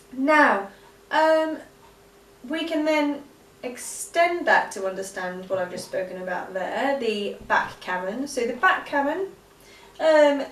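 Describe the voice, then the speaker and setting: A woman teaching vocal exercises in a relaxed, chatty way, with frequent ums. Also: fairly high pitch, a little hiss or hum. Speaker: singing teacher. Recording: echoey room, voice a bit far from mic.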